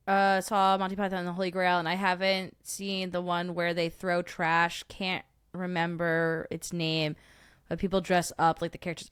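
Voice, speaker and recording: A woman's voice: medium pitch, fairly bright tone, dry recording, studio quality. A woman hosting a livestream, chatting casually and laughing at herself. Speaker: livestream host.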